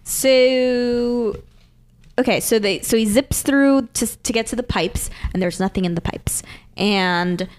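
A woman's voice: a little high, takes it slowly, clean tone. A chatty woman co-hosting a podcast, recapping an episode at an easy pace. She rambles and fills her talk with ums and likes. Now and then she slips into the characters' lines. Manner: rambling, lots of fillers, acts out characters' lines. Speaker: podcast co-host. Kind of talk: casual chat recapping an anime episode.

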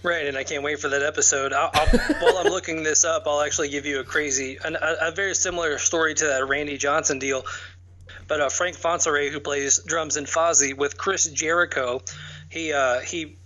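A man's voice: on the high side, fairly even intonation, pushed and bright. A man who hosts a podcast, chatting casually and agreeably as a guest. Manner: easygoing, agreeable, quick interjections of "right". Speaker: podcast host. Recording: dull lo-fi recording.

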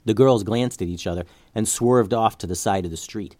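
A man's voice: on the low side, a little fast, warm tone, dry recording. A man narrating an adventure story aloud, building tension through the action scenes.

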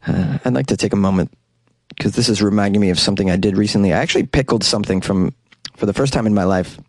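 A man's voice: fairly low pitch, fast, a little mellow, dry recording, clean studio sound. A man hosting a casual show who reads out odd news items and reacts with sarcastic jokes and casual swearing. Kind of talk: casual commentary on news stories.

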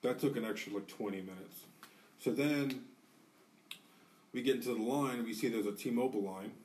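A man's voice: medium pitch, moderate pace, recorded from a distance. A man co-hosting a podcast, telling a rowdy story in a casual way. He swears a lot and acts out what people said. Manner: animated, profane, acts out quotes. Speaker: podcast co-host.

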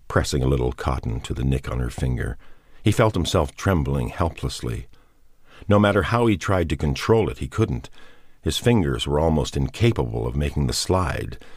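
A man narrating a novel as a scripted audiobook reading, in a measured, unhurried manner. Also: rumbling low, dry recording, studio quality.

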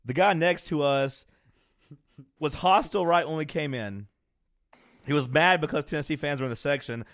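A higher-voiced man co-hosting a podcast shares a story in casual chat at a moderate pace. He's animated, performs the quotes and laughs often, and there's no echo.

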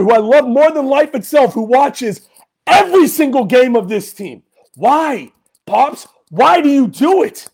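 Man, angry sports podcast host, high voice, swooping pitch, slow deliberate ranting, bursts of yelling. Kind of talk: heated fan rant.

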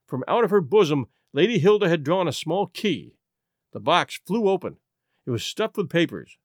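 A man narrating a classic story in an expressive, dramatic reading. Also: on the high side, moderate pace, dry recording, studio quality. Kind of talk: scripted audiobook narration.

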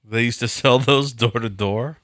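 A man's voice: medium pitch, normal speed, fairly bright tone, dry recording. A man co-hosting a podcast, chatting casually and cracking dry jokes. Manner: dry, wisecracking. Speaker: podcast co-host. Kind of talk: casual chat.

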